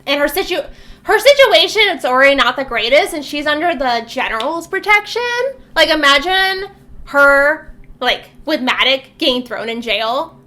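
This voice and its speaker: A woman co-hosting a book podcast, recapping the story in a casual chat and slipping into quick quoted lines of the characters. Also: high-pitched, animated, bright, forceful tone.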